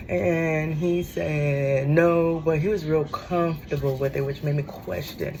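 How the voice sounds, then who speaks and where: A low-pitched woman spills a storytime rant, blunt and sassy. Her delivery is drawn-out and expressive. A clear hum of background noise runs under her voice. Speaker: vlogger.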